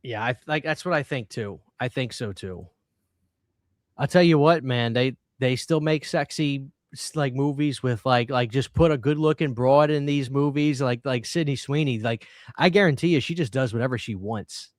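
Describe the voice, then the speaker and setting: A man co-hosting a live-streamed podcast, talking in a chatty, animated way and often cutting in on his guest. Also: mid-range voice, moderate pace, dry recording, studio quality. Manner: animated, chatty, talks over others. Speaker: podcast co-host. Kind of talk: casual live-stream chat.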